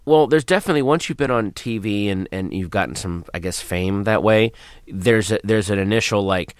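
Thoughtful low-voiced man comedian. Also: moderate pace, clean tone, dry recording, clean studio sound. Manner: thoughtful, trails off, drops to soft quiet asides. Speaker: comedian guest. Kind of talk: interview answers.

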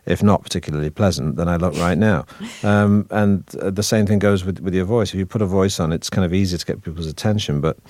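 In a laid-back interview, the Manchester actor talks fast with hardly any pauses, his very low voice taking on a darkish tone. Wry and self-deprecating, he restarts as his thoughts meander, and the close, dry recording has no echo.

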